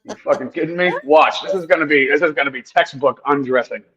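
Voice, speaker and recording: A man's voice: on the high side, fast talker, bright, forceful tone, dull audio. A man talking heatedly in a casual chat on a video call. He swears a lot and restarts his words. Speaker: guest on a livestream.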